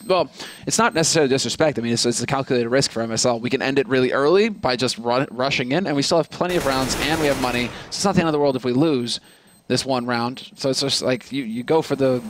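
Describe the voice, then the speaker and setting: Canadian man, esports colour commentator, medium pitch, casual analytical chat, faint background noise. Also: fast talker. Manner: casual, analytical, laughs easily.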